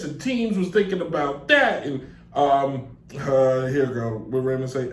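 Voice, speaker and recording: A man hosting a live sports talk show, rambling and joking in a loose, animated way. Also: on the high side, normal speed. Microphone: desk mic on a stand. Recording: echoey room.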